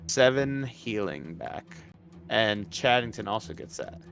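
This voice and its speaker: A man playing a tabletop game, thinking aloud through his turn in an unhurried way. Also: fairly low pitch, lively intonation, gravelly, fairly bright tone, faint music behind. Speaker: player. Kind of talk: tabletop game play on stream.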